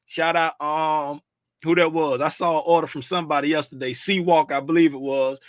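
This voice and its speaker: A man's voice: a little high, fairly even intonation, normal speed, dry recording, studio quality. A middle-aged man hosting a casual livestream about futures markets. He is chatty and slangy, greets viewers by name and laughs often. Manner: easygoing slangy talk.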